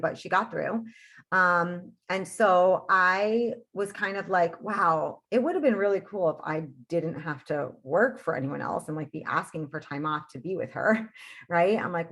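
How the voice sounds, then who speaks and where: A woman's voice: lowish voice, gravelly. A woman in her thirties, a fitness coach, telling her personal story on a team video call in a chatty way, full of "like" and "right?". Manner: chatty, heavy use of "like" and "right?".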